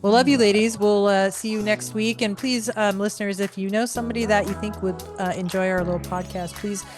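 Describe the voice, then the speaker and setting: A woman hosting a casual group podcast, chatty and relaxed, sometimes trailing off mid-thought. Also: mid-range voice, a little fast, over music. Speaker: podcast host.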